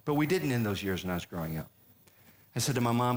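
An older man telling a humorous personal story to a live audience, conversational with deadpan punchlines. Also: fairly low pitch, fairly quick, pauses often. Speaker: comedic speaker.

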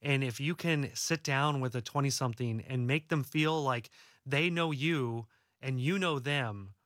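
A man's voice: medium pitch, a little slow, fairly bright tone, dry recording, clean studio sound. A young adult man, an author and guest, talking earnestly and reassuringly in a casual faith-based interview, often restarting his words.

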